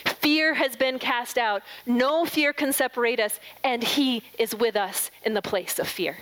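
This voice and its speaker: A middle-aged woman preaching an earnest, emphatic sermon, slowing and softening her voice on scripture quotes. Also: a little high, low-quality recording.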